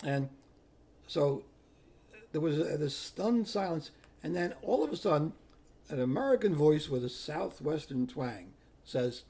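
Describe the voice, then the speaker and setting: An older man with a husky, mellow voice, pitched a little high. He tells stories with animation, repeating words and acting out footsteps and quotes. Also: lively intonation, measured pace, pauses often. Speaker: interviewee recounting history. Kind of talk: personal storytelling.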